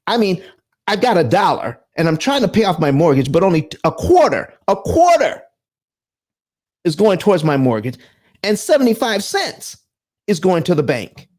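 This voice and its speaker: Animated preacher-style man hosting a stream. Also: high-pitched, moderate pace. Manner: emphatic, preacher-like delivery with dramatic asides. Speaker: host of a live personal finance stream. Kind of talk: live-streamed finance presentation.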